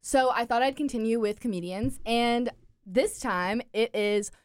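A relaxed young woman presents local events, padding her talk with filler ums. Her voice is slightly high. The recording is dry and close. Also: a little slow, clear, resonant tone, dry recording. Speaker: podcast co-host. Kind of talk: casual events segment.

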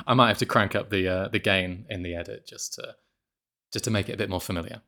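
A man's voice: low voice, quick pace, sharp tone. A man hosting a podcast in casual chat, laughing often and poking fun at himself. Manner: laughs often, self-deprecating. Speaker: podcast host. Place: apartment in Mexico.

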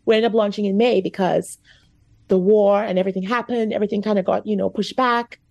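A woman's voice: medium pitch, steady tone, a little fast, creaky, darkish tone, no echo, highs cut off. A woman guest author telling a personal story in an interview, chatty and full of "like" and "you know", getting emotional. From America. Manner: chatty, lots of "like" and "you know", gets choked up.

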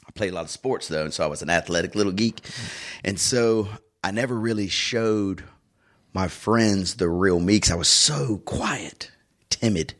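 A man's voice: on the low side, normal speed. A middle-aged man co-hosting a casual podcast chat, telling childhood stories with plenty of fillers. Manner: animated storyteller, lots of fillers. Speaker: podcast co-host.

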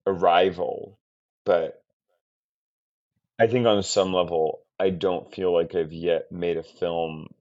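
A man who is a film director, giving a candid, reflective interview with halting speech, many restarts and trailing-off phrases. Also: low voice, vocal fry, a little mellow. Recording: dull lo-fi sound.

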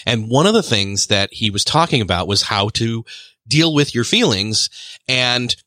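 A man's voice: medium pitch, expressive, moderate pace, sharp tone, dry recording. A man hosting a podcast, talking in a casual, enthusiastic, rambling way. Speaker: podcast host. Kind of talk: casual conversation.

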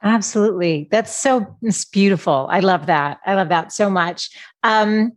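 A woman's voice: medium pitch, normal speed. Enthusiastic woman podcast host. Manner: enthusiastic, affirming. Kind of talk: conversational interview.

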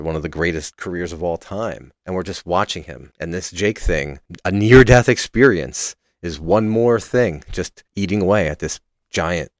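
Deep-voiced man with a dry, animated recap. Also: no echo. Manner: animated, swears freely, swings between loud and quiet. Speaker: podcast contributor reviewing a wrestling match. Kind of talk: casual recap and commentary.

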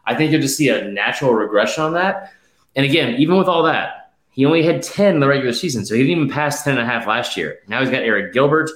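A man's voice: medium pitch, expressive, fairly bright tone, roomy sound. A man hosting a casual sports betting chat, rattling off stats emphatically, slightly out of breath. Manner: rapid stat-heavy, emphatic, with fillers. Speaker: podcast host.

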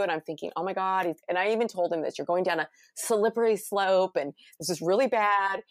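A middle-aged woman from California, chatting casually and telling a story with animated acted-out quotes. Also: mid-range voice, quick pace, hardly any pauses, no room sound, studio quality. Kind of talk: casual conversation.

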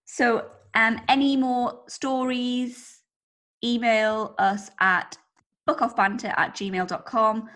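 A woman's voice: on the high side, steady tone, slow, fairly bright tone. A young woman co-hosting a podcast, chatting casually and teasing with lots of giggles. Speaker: podcast co-host. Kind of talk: casual chat.

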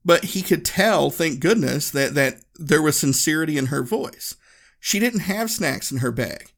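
A man hosting a podcast, telling a story in a relaxed, conversational, reflective way. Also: a little high, a little slow, creaky. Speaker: podcast host.

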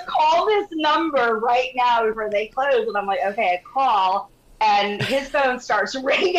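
Animated woman in her fifties, laughing. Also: medium pitch, a little fast, poor audio. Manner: animated, laughing, swears freely, acts out dialogue. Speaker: podcast guest. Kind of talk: casual storytelling.

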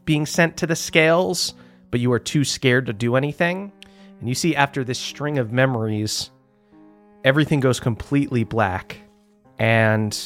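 A young man running a tabletop game as game master, telling the story dramatically in a loose, swearing, casual way. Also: mid-range voice.

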